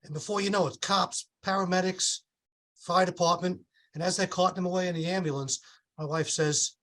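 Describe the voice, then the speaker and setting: Middle-aged man with a fairly high voice doing stand-up. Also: fairly quick. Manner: deadpan one-liners, acts out quoted voices. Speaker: stand-up comedian. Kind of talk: stand-up comedy set. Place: comedy club stage with audience laughter.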